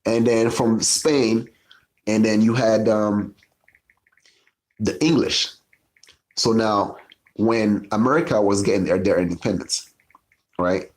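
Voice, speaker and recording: Man, low-pitched, casual profane host telling history. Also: steady tone, slow pace, long pauses, darkish tone. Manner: loose, profane, storytelling with asides. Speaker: podcast host.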